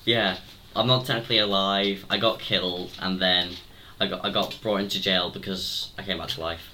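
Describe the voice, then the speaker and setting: A man's voice: deep voice, fairly even intonation, moderate pace, sharp tone, slight background noise. Man doing a Scouse undead halfling. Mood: matter-of-fact. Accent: Liverpool. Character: undead male halfling prisoner. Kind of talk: improvised tabletop role-play.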